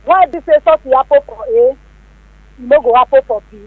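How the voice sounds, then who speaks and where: A woman's voice: sits high, brisk, no room sound. A woman with a Nigerian Pidgin English accent, calling in to a radio show and talking in a passionate, rambling way. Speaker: caller. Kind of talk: phone-in call on radio. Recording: tinny phone line.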